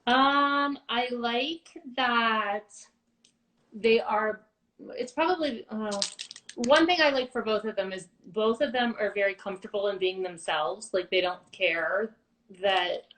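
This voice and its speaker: A middle-aged woman talking openly in a casual livestream chat. Her voice sits at an ordinary pitch, and her tone is candid and reflective with a dry, wry edge. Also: unhurried, a bit bright, rough recording. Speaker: guest, mother of two daughters.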